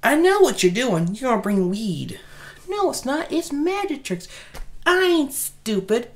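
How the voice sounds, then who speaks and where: A woman voicing a cheeky little boy who shouts and panics as he runs off. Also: big pitch swings, measured pace, heavily acted. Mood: sassy. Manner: shrill, shouting, bossy.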